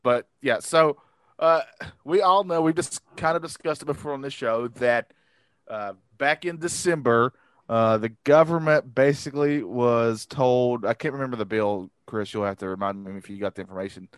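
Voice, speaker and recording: A man's voice: mid-range voice, normal speed, clean tone, no room sound. Rambling man with lots of fillers. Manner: rambling, many fillers and restarts. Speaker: podcast host. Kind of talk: casual chat.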